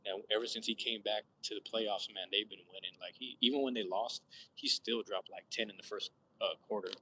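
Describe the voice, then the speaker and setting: Bright-toned young man chatting casually. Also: lowish voice, a little fast, a little hiss or hum, poor audio. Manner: loose slangy rambling, swearing, animated outbursts. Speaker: vlogger chatting with live viewers. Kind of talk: casual live-stream chat. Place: outdoors at sunset.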